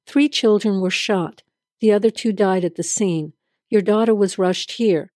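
Woman reading a matter-of-fact male cop for an audio drama; mid pitch, dry. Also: measured pace, darkish tone, no room sound, close to an everyday voice. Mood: calm. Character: adult male police officer, calm and official.

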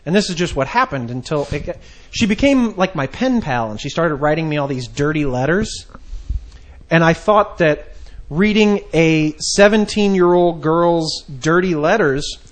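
A man in his thirties hosting a podcast, telling a story in a rambling, halting way with many restarts. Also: fairly high pitch, expressive. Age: 30s. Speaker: podcast host. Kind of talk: casual podcast chat.

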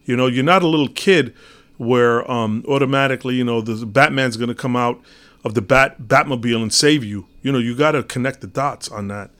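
A man's voice: mid-range voice, brisk, a bit bright. Rambling casual man on spirituality. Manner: casual, repetitive, storytelling with many fillers.

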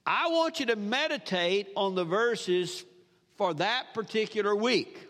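High, lively preacher in a reverberant hall. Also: male voice, measured pace. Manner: emphatic, repeats phrases, asks the congregation questions. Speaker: pastor. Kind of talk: sermon.

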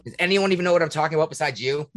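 A man hosting a podcast, ranting in casual talk, profane and indignant, with a husky voice. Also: fairly high pitch, very fast, fairly bright tone. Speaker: podcast host. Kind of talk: heated casual rant.

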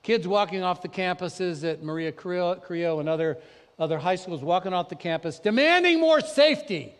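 A man preaching a sermon, talking conversationally and then rising to loud, emphatic peaks. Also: fairly high pitch, fairly even intonation, a little fast, clean tone, long reverb tail. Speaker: pastor. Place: church sanctuary.

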